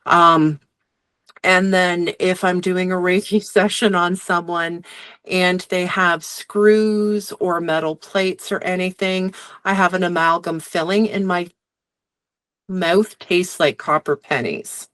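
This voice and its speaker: A woman's voice: lowish voice, steady tone, slow, fairly bright tone, clean tone, dry recording. A woman guest who works as a medium and Reiki practitioner, recounting her sessions in a chatty, rambling way full of fillers. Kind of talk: casual storytelling in conversation.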